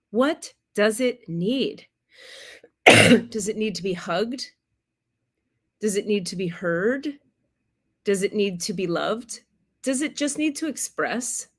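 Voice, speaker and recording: Woman, spiritual teacher, casual livestream talk; frank, expressive, swears, acts out quotes. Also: mid-range voice. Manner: plays out quoted voices of a child and a parent.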